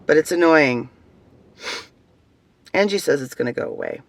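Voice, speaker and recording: A rambling vlogger chats straight to camera, circling back and restarting thoughts. The voice is gravelly and rough-edged, and the pitch swings up and down. The sound is close and dry. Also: animated, normal speed, no room sound. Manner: rambling, chatty, often trailing off and restarting. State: has facial tics. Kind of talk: casual personal vlog.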